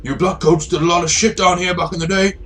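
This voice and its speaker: A man's voice: high voice, fairly even intonation, quick pace, fairly bright tone, a little hiss or hum, pitched above the performer's own voice. A man doing a gleeful hulking raider boss. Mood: menacing. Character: hulking filthy male raider boss, menacing.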